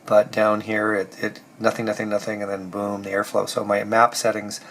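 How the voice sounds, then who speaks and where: A man with a cold, hoarse and halting, talking through his engine tuning in a casual technical walkthrough. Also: on the low side, completely flat delivery, a bit bright. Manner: halting, many ums and restarts, thinking aloud. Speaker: car restorer explaining engine tuning.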